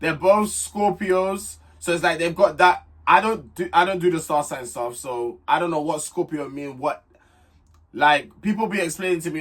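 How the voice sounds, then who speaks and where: A young man recaps a reality TV show to camera in a casual, chatty vlog review, blunt and direct, and restarting his sentences frequently. His voice is fairly high and fairly bright, at a normal speed.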